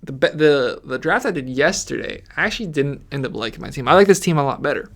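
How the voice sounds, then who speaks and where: Animated rambling man talking fantasy football. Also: fairly high pitch, fast talker. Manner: rambling, animated ranting with restarts. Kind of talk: casual commentary over a mock draft.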